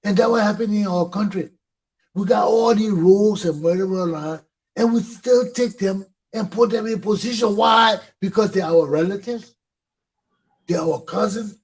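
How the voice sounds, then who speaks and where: A middle-aged Liberian man delivers a fiery, impassioned talk show monologue in Liberian English. His fairly high voice has a husky, rough edge and moves at normal speed, and he drives his points home by repeating them and swearing, all on a low-quality recording.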